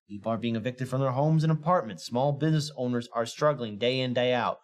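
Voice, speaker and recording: A man hosting a political commentary show, heated and mocking, often rising to near shouts. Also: mid-range voice, fast. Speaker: podcast host.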